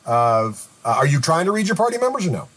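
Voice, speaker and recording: A man's voice: on the high side, big pitch swings, fast, fairly bright tone. A man running a tabletop game as dungeon master, talking casually with many hesitant fillers.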